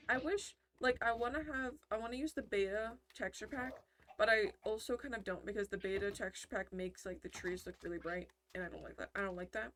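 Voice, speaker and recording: A gaming commentator with a medium-pitched, slightly bright voice chats and rambles briskly as she plays a video game, often cutting herself off mid-sentence. There's slight background noise.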